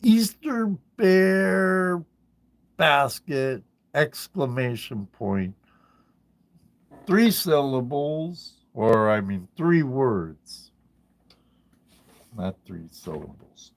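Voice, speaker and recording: A man's voice: medium pitch, lively intonation, very slow, vocal fry, long pauses. A man hosting a casual livestream, chatting with viewers by name and often repeating his phrases. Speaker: livestream host.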